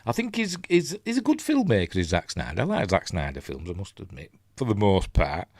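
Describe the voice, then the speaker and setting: A man's voice: low voice, huge pitch swings, brisk, darkish tone, no echo, studio quality. A man with a Yorkshire accent chatting casually through a film review, rambling with lots of fillers and restarts. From Yorkshire, England. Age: middle-aged. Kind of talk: casual live commentary on a film.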